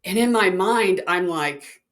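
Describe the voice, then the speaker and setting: A woman's voice: on the low side, slow pace. A woman, a psychic, casually telling a personal story and acting out the voices of the people in it. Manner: chatty, animated, acts out quoted voices.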